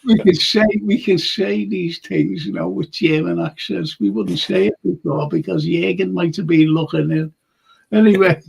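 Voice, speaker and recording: A man's voice: high-pitched, fairly even intonation, moderate pace, vocal fry, a little mellow, slightly rough, low-quality recording. A man hosting a casual live fan show, reading viewer comments aloud in a jokey way. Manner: jokey, reads comments aloud, slips into playful impressions.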